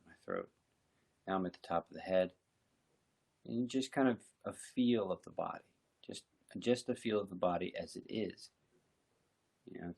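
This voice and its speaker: A man giving a slow, reflective, conversational mindfulness talk as a meditation teacher. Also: deep voice, vocal fry, breathy edge.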